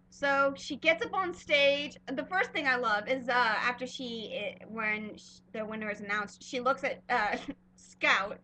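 A woman's voice: fairly high pitch, unhurried, sharp tone, slight background noise. A young woman vlogging casually, gushing and rambling with lots of fillers. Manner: gushing, rambling fan talk with many fillers. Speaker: fan vlogger. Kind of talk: casual vlog chat.

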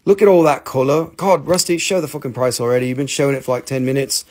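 A man's voice: mid-range voice, quick pace, darkish tone. A man hosting a casual live sales stream, joking, mocking himself and swearing casually as he shows off stones. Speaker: host selling minerals on a live stream.

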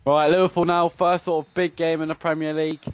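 A young man commentating his own football video game play, swinging between frustrated groans and excited shouts. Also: fairly high pitch, brisk, no echo, lo-fi sound, faint music behind. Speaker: gaming YouTuber. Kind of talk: live gameplay commentary.

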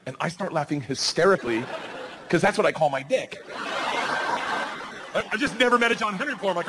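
A man doing a stand-up comedy set on stage, telling crude stories loudly and slipping into squealing voices. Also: on the high side, sing-song, brisk, long pauses, noisy background. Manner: loud, rowdy storytelling with crude jokes and squealing put-on voices. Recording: live venue with crowd laughter.

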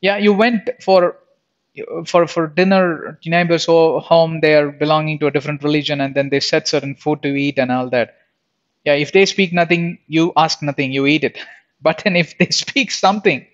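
A man's voice: fairly high pitch, steady tone, moderate pace. Emphatic man teaching the Bible, muffled. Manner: conversational, emphatic, with frequent restarts and "man" tags.

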